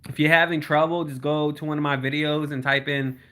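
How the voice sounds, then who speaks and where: A man with a sharp, rather high voice and flat delivery runs a casual livestream, reading comments from viewers and chatting back. He eases his pace to spell out links.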